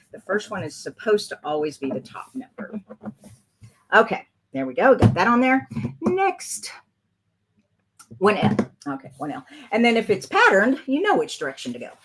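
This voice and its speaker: A woman's voice: medium pitch, fairly bright tone, a little hiss or hum. A woman, chatting loosely as she talks through a craft project on a live stream. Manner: chatty, rambling, thinks aloud while working. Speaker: crafting channel host.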